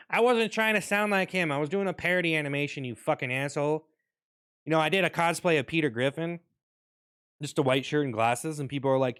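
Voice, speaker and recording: A man's voice: fairly high pitch, animated, normal speed, pauses often, fairly bright tone, no room sound, studio quality. Profane rambling young man vlogger. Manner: rambling, profane, restarts often. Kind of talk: casual rant.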